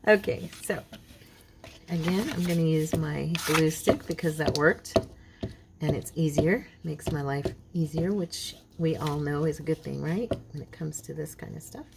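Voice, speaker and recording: A woman hosting a casual crafting tutorial, chatting and talking to herself as she works, with a frog in her throat that keeps her clearing it. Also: deep voice, measured pace, very noisy. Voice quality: chatty, talks to herself while working. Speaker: craft channel host.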